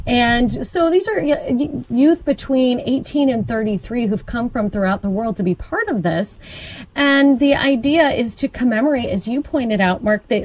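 A woman's voice: medium pitch, a little mellow, rough recording. A woman chatting about church events in an upbeat, informative way, with the occasional restart. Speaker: co-host. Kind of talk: conversational Catholic radio chat.

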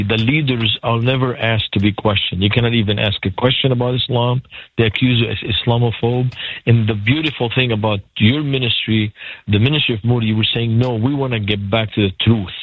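A man's voice: mid-range voice, no echo. A man with a Lebanese accent speaking earnestly as a guest on a radio program, preaching and acting out quotes. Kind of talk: radio call-in guest testimony. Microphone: phone call. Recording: tinny phone line, dry.

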